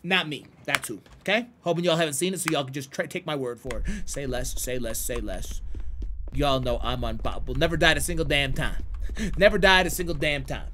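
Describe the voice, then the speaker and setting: Excitable profane streamer, bright high man's voice, swings from low mutters to shouts. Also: a little fast, a little hiss or hum. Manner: slangy banter with chat. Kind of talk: live horror gameplay commentary.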